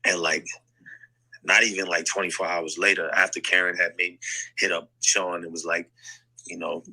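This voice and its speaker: A deep-voiced man tells a story in a casual voice chat. His voice sounds husky yet very bright. He talks bluntly and swears a lot, with fillers everywhere. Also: level tone, moderate pace, rough recording. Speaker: guest rapper telling a story. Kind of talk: casual chat in an audio chat room. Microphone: phone mic in an online audio room.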